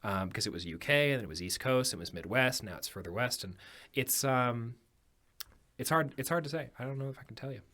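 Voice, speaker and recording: A man guesting on a studio podcast, musing aloud with frequent ums and pauses. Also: medium pitch, lively intonation, sharp tone. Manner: thoughtful, hesitant, many ums. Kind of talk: casual chat. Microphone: studio microphone.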